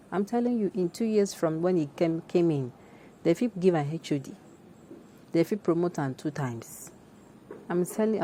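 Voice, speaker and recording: A Nigerian woman with a low, mellow voice hosts an opinionated news commentary show. She talks emphatically and conversationally, breaking off into asides and restarting her sentences. A faint hum of noise sits under her voice. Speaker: commentary host.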